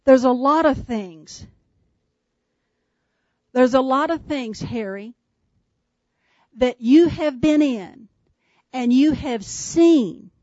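A woman preaching a sermon to a small church, slowing to hushed emphasis on key lines and calling out listeners by name. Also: high-pitched, dry recording, highs cut off. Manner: shifts from brisk asides to slow, hushed emphasis; addresses congregation members by name.

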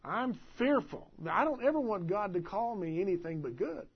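A man preaching a sermon as pastor, emphatic and swinging between loud and soft delivery. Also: high voice, big pitch swings, moderate pace, breathy edge, muffled recording.

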